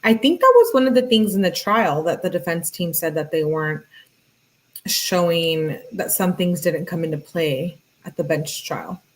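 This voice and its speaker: Chatty woman with a lowish voice. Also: moderate pace. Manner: chatty, thinks aloud with restarts and asides. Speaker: true crime channel host. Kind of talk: casual commentary while reading text messages aloud.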